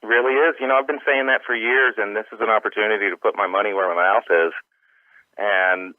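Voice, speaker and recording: A man's voice: on the low side, fairly even intonation, fairly quick, no echo. A male comedian calling in by phone, slightly out of breath, speaking earnestly and from the heart. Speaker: comedian guest. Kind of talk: phone interview. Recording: tinny phone line.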